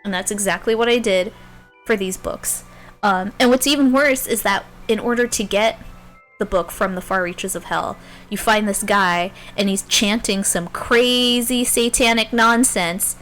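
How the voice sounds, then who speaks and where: A woman streamer casually recapping a video game, animated and freely swearing, telling it like a story. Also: medium pitch, a little slow, soft background music.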